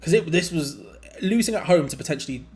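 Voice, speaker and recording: A young man hosting a live football watch-along, mixing quick play-by-play with rambling chat and sudden excited outbursts. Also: a little high. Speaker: fan channel co-host.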